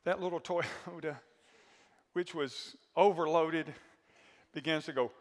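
A man preaching a sermon as pastor, telling a story with animated asides and questions to the congregation, his voice a little worn. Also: on the high side, takes it slowly, in a large hall. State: voice worn from screaming.

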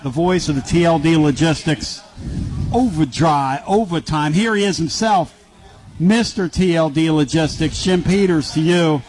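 An excitable man from Philadelphia runs a sports talk radio show and hypes up his guests. His voice sits a little high. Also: low-quality recording.

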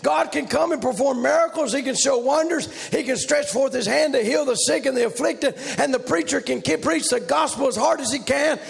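A man preaching a revival sermon in a loud, rhythmic, shouting preaching cadence. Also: extremely high pitch, fairly quick, creaky, few pauses.

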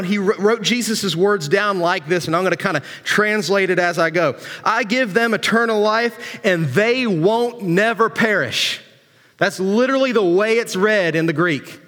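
Male pastor, high pitch, folksy humorous sermon delivery, reverberant church sanctuary. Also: fairly bright tone.

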